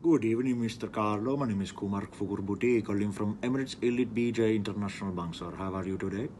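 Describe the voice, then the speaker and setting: A man playing a fast-talking bank call agent with an Indian accent, over-polite and spouting garbled jargon. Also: fairly low pitch, darkish tone, slight background noise, close to an everyday voice. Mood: eager pitch. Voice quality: rapid gibberish jargon, over-polite "sir" every line. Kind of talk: comedic phone prank skit.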